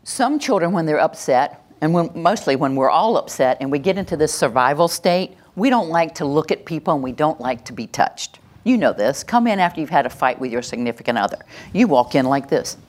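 An older woman presenting a live workshop, lively and demonstrative, acting out examples and leading the audience through exercises. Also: sits low, fairly quick, few pauses. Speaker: workshop presenter on calming children. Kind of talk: live teaching talk to an audience.

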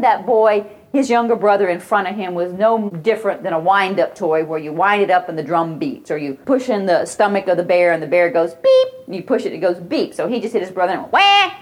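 Woman lecturing with lively storytelling. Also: mid-range voice. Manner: storytelling, acts out children's cries and voices. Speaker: parenting educator. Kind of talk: lecture with anecdotes.

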